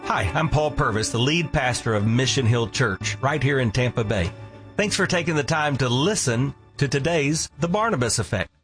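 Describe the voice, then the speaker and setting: A man's voice: mid-range voice, animated, moderate pace, fairly bright tone, faint music behind. A man who is a lead pastor, reading a radio ministry announcement that appeals for donations.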